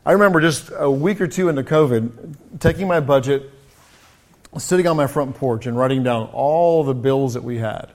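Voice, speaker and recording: A middle-aged man who runs a coaching business, sharing personal stories in a conversational, lively way with frequent restarts. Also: medium pitch, moderate pace. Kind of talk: personal storytelling talk.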